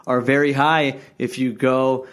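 A man's voice: medium pitch, flat delivery, a little slow, a bit bright. A man with a mid-range voice co-hosts a casual sports podcast over a remote call. He teases listeners and his partner with a dry, sardonic edge. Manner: teasing, sardonic banter. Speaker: podcast co-host.

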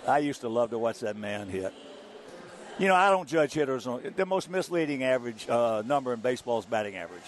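Older man, animated storyteller. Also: mid-range voice, a little fast, a little hiss or hum. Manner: animated storyteller, chuckling through anecdotes. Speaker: guest, former ballplayer. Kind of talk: anecdotal interview storytelling.

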